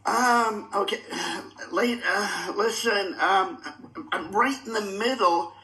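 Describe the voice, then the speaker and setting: A man's voice: sits high, takes it slowly, pushed and bright, roomy sound. A man playing a league commissioner in a comedy sketch, hesitant and stammering.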